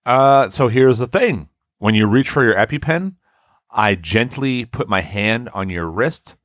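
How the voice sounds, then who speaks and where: A man's voice: mid-range voice, animated, measured pace, no room sound, studio quality. A young man co-hosting a casual comedy chat, rambling through a story and acting out the lines he quotes.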